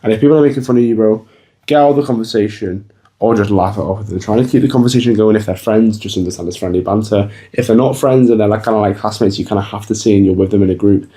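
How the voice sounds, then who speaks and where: Speaking quickly in a fairly low, dark-toned voice, a young male fitness vlogger delivers casual motivational talk to the camera. He's blunt, swears freely, and keeps calling the viewer bro.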